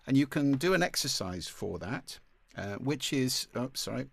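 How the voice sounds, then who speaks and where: A man teaching a masterclass on speaking, with a clear, deliberate delivery and occasional vocal demonstrations. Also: medium pitch, sing-song, no echo. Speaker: speaking coach. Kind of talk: online masterclass lesson.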